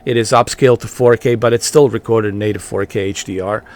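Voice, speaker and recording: A man giving casual, rambling gameplay commentary as a channel host, repeating himself and filling pauses with ums and uhs. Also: fairly low pitch, steady tone, a little mellow.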